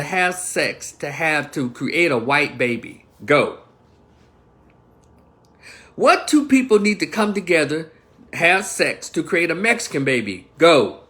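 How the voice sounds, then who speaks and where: A man's voice: sits high, pushed and bright. Heated man ranting on a livestream. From Memphis, Tennessee. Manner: heated, profane, addresses viewers directly. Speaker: livestream commentator. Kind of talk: livestream opinion rant.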